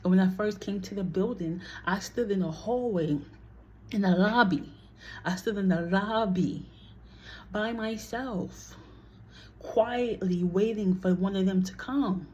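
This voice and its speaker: A woman's voice: mid-range voice, measured pace, a little mellow, highs cut off. A woman telling a personal story in a casual vlog, blunt and heated, swearing freely and acting out what others said.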